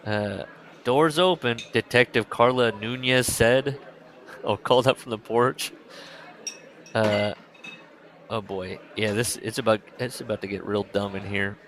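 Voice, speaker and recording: A man's voice: on the low side, level tone, a little slow, long pauses, fairly bright tone. A man co-hosting a casual book-club podcast, reading passages aloud and mocking them with frequent laughter. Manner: sarcastic, mocking, laughs often. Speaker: podcast co-host.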